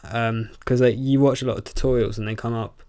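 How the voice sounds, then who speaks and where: Young man, halting and hesitant. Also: medium pitch, fairly even intonation, darkish tone. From southern England. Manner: halting, full of likes and restarts. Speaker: podcast co-host. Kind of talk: casual chat.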